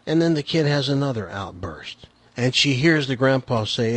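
A man's voice: medium pitch, very animated, a bit bright, dry recording. A man hosting a radio show, chatting with his co-host and telling a long joke like a practiced storyteller. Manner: chatty storyteller, quick questions. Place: radio studio.

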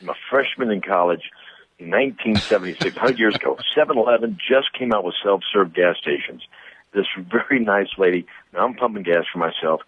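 A man in his sixties from St. Louis calls into a radio show and chats casually, telling stories with a ready laugh. His voice sits low and husky but swings up and down in pitch. It comes through a tinny phone line. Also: fairly quick, no echo. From St. Louis, Missouri. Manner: storytelling, laughs often. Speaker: car dealer, guest.

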